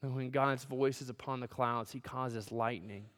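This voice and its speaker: A male pastor preaching a sermon in a church, swinging from loud, emphatic build-ups to hushed, near-whispered lines. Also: medium pitch, fairly even intonation, normal speed. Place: church sanctuary. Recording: long hall reverb.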